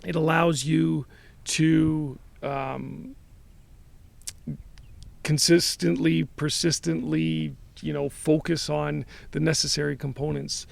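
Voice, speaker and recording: Male co-host, life coach, methodical explainer, rather high and heavily creaky voice. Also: steady tone, takes it slowly, dry recording. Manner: methodical, lays out points with analogies. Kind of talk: casual conversational podcast.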